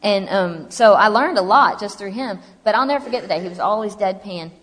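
A woman's voice: mid-range voice, animated, a little fast, a bit bright. A woman telling her personal story to an audience in a chatty, humorous way. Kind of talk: personal testimony to a live audience. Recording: long hall reverb.

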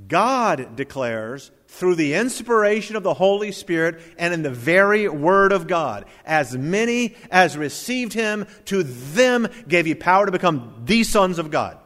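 A man's voice: on the high side, a bit bright, in a large hall. A man pastor preaching a sermon, emphatic, full of rhetorical questions.

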